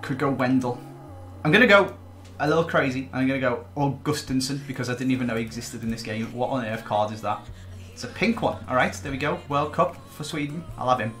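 A man's voice: medium pitch, brisk, a bit bright, soft background music. A man giving casual, teasing gaming commentary as a guest. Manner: teasing, joking banter. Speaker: guest YouTuber.

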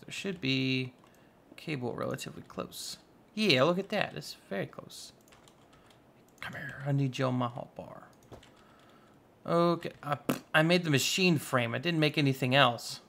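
A man's voice: mid-range voice, a little slow, gravelly, pauses often, fairly bright tone. A man hosting a casual let's-play, narrating his moves in a playful, goofy, self-mocking way. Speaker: gaming channel host.

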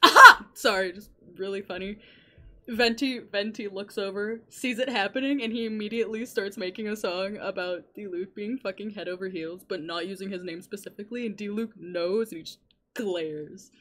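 A young adult woman streaming a game in casual chatter, excitable, rambling and swearing often. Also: mid-range voice, moderate pace.

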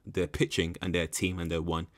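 A man's voice: deep voice, flat delivery, a little fast, a bit bright. A young man giving rambling, frank commentary in a casual reaction video. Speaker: reaction channel host.

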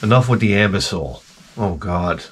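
A man's voice: lowish voice, animated, moderate pace, a little hiss or hum. Sarcastic New York man ranting. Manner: exasperated and sarcastic, heavy swearing. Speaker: retro game channel host. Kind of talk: profane comic rant.

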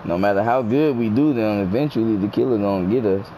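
A young man chatting casually while gaming with friends, excitable, swearing, often shouting and laughing into a headset mic. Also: lowish voice, quick pace, slight background noise. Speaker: gamer streamer.

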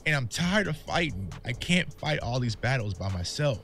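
A man's voice: medium pitch, very animated, moderate pace, fairly bright tone. Impassioned man talking straight to fans. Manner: impassioned, candid, calls viewers "y'all". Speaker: sports content creator. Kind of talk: emotional vlog monologue to fans.

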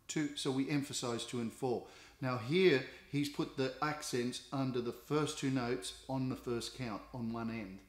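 Casting: middle-aged Australian guitar teacher, patient, explaining step by step, mid-pitched voice, echoey room. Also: male voice. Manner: patient, explanatory, with frequent fillers and restarts. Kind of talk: instructional explanation. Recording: roomy echo with guitar nearby.

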